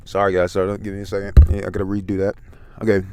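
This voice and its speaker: A man casually recapping a manga chapter, relaxed with many fillers. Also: low voice, fast, long pauses, clear, resonant tone. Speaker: manga reviewer.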